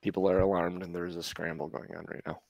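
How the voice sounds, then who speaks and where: A man narrates a tabletop game as its game master, his voice deep and gravelly. He halts and searches for words as he describes the scene. The sound is dry and close. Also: flat delivery, fast, darkish tone, dry recording, muffled recording.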